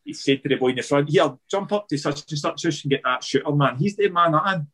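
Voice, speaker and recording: Animated Scottish man telling a story. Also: fairly high pitch, brisk, breathy edge, rough recording. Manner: animated anecdotal, acts out quotes, swears freely. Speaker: guest, former footballer. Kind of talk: casual storytelling chat.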